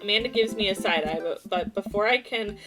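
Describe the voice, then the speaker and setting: A woman game streamer reading a visual novel aloud with jokey, animated asides. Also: medium pitch, a little fast. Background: soft game music.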